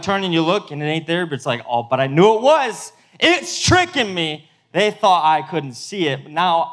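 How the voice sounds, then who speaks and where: A man's voice: high voice, a bit bright. A young man preaching a casual, funny youth sermon to a live crowd, full of slang and direct questions to the audience. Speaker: pastor. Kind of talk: youth sermon with humorous stories. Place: event hall with live audience.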